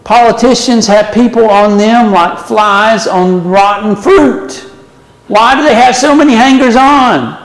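A man preaching a sermon, swinging from loud emphatic questions to low, quiet warnings. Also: echoey room, long reverb tail, rough recording.

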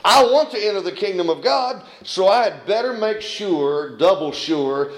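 Male preacher, fairly high voice, tells stories and acts out the voices; roomy, echoey sound. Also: lively intonation, moderate pace. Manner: storytelling, acting out quoted voices. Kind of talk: sermon. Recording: echoey room.

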